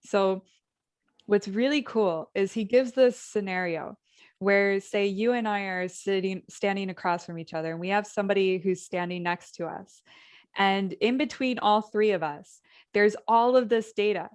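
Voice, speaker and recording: A woman's voice: mid-range voice, normal speed, clear, resonant tone. A woman hosting an interview, eagerly explaining something in a casual, conversational way. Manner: eager, enthusiastic explaining with fillers.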